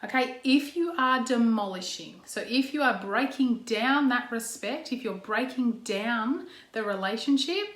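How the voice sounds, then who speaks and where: A woman's voice: a little high, expressive, unhurried, few pauses, a bit bright. An Australian woman in a casual talk to camera as a parenting coach, chatty, with frequent "okay" and "um", acting out example tones. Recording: echoey room.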